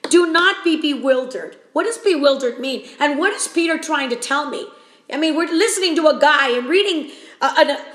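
A woman's voice: sits high, a bit bright, reverberant. A woman preaching a sermon on a podcast, stressing each point through repetition and acting out panicked questions. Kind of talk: sermon teaching.

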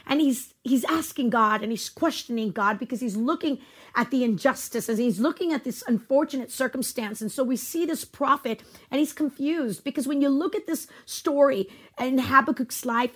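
A woman with a high, fairly bright voice preaches earnestly to a video audience, filling her sermon with rhetorical questions. When she voices a questioning prophet, she rises in pitch and speeds up.

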